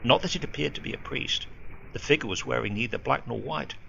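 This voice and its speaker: A man narrating a ghost story in a measured, expressive way, in a dull lo-fi home recording with a faint hum. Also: medium pitch, gravelly.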